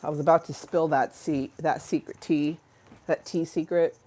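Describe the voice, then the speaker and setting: A woman's voice: deep voice, fairly even intonation, normal speed, mellow, a little hiss or hum. A woman hosting a casual livestream, chatting in a giggly, rambling way and breaking off her own sentences. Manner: giggly, rambling, self-interrupting. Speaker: livestream host. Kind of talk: casual chat.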